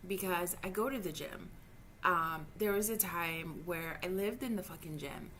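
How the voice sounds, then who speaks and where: This Jamaican woman in her thirties speaks at a moderate pace, her voice on the low side and sharp in tone, with a little hiss or hum in the recording. In an emotional personal vlog she rants heatedly and frankly, swearing freely, and her words stumble when she's upset and frustrated.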